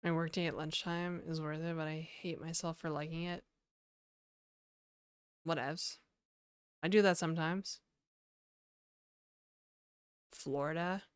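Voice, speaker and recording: A woman's voice: low-pitched, steady tone, measured pace, long pauses, clear, resonant tone, dry recording, studio quality. A woman livestreaming from home, casually chatting and reading her chat aloud with easy laughs. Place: home in Toronto.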